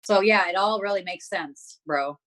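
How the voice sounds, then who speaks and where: A woman's voice: mid-range voice, moderate pace, a bit bright. A young woman talking as an interview guest, telling a story bluntly with lots of swearing and filler words. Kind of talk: casual chat.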